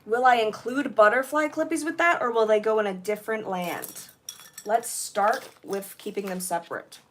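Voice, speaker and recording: A young woman chatting on a casual livestream while sorting jewelry, bubbly and playful, her voice a little hoarse. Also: on the high side, normal speed, a bit bright, a little hiss or hum. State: slightly hoarse.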